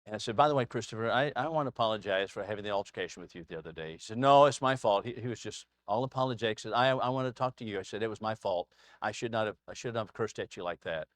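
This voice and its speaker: A man's voice: on the low side, rapid-fire, no echo. A man teaching a casual Bible class to a small group in a church classroom, chatty and anecdotal, chuckling often.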